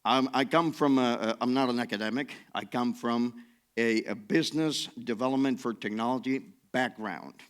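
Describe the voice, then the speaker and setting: A man's voice: mid-range voice, normal speed. Man, keynote speaker, non-native English accent, jokey, chatty, conference hall. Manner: jokey, chatty, self-deprecating.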